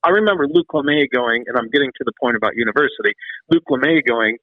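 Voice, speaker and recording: A middle-aged man, a former metal drummer, telling long stories in a casual interview, animated and rambling, often restarting and swearing. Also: medium pitch, quick pace, no echo. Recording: dry, phone-like call audio.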